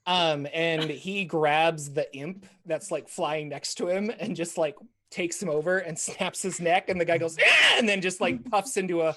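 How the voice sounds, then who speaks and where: A woman's voice: lowish voice, fairly even intonation, normal speed, a little hiss or hum. A woman narrating as game master in a chatty way, full of fillers.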